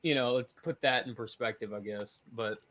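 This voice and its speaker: A man's voice: mid-range voice, normal speed, a bit bright. A man hosting a casual panel chat, talking in emphatic, rambling rants. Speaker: podcast host.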